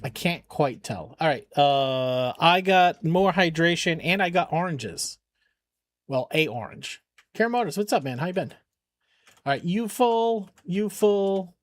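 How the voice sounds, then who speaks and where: A man's voice: fairly high pitch, expressive, a little slow. A man streaming games for charity, chatting casually with viewers and his dog. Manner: chatty, talks to his dogs and chat. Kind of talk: casual live-stream chat.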